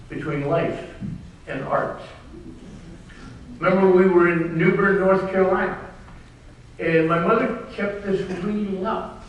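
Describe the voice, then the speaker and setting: A man's voice: high voice, lo-fi sound, slight background noise. A man in his sixties with a Southern US accent, an author telling wry, comic family stories at a bookstore event. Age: 60s. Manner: wry, drawn-out comic delivery. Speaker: author speaking at a book event. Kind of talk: humorous storytelling talk. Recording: very echoey room, mic from far off.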